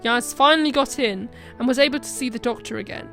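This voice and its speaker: A woman narrating a short fan story aloud in plain, steady narration. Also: on the high side, fast talker, faint music behind.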